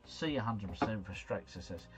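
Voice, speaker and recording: A man's voice: fairly low pitch, expressive, moderate pace, over loud music. A man hosting a livestream, casually thinking aloud through quiz answers in a slangy, rambling way. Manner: chatty, musing aloud, slangy. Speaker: livestream host.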